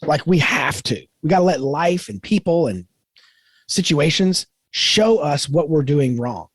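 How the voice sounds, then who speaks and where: A middle-aged man co-hosts a faith-based podcast, talking earnestly and animatedly about growing as a dad and telling stories with quoted voices. His voice is on the high side, unhurried and slightly rough, with no echo.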